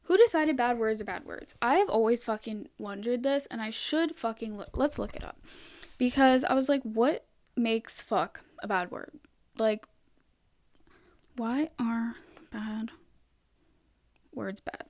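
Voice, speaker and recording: A woman's voice: on the high side, a little slow, dry recording. Young woman ranting casually into a close mic. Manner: rambling, frequent "like", heavy swearing. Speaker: podcast host. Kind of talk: casual solo podcast rant.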